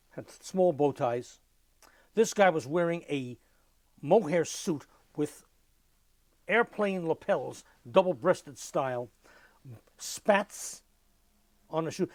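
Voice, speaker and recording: An older man, telling lively anecdotes in an oral history interview and mimicking sounds as he goes. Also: on the high side, no echo. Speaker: interviewee, musician.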